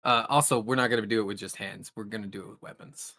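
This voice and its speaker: A man's voice: on the low side, quick pace, sharp tone. A man playing a tabletop game, in-character and out, with a teasing, sarcastic manner. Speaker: player. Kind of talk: tabletop role-play with table talk.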